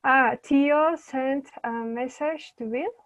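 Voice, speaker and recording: A woman's voice: high voice, takes it slowly, a bit bright, dry recording. A woman student in an online English class, reading sentences aloud hesitantly and unsure of her answers. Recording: dull lo-fi call audio.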